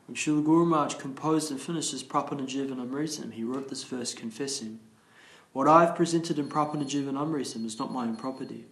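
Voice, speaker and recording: In a morning class, a man reads scripture out loud, slowly and deliberately, stopping to explain and sometimes starting verse words over. His voice is medium in pitch, and the room gives the recording an echoey feel.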